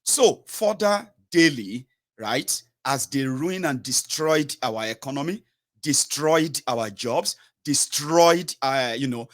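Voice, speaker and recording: A man's voice: mid-range voice, animated, slow. A man with a Nigerian accent giving an impassioned political monologue, emphatic and full of fillers and self-corrections. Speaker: political commentator.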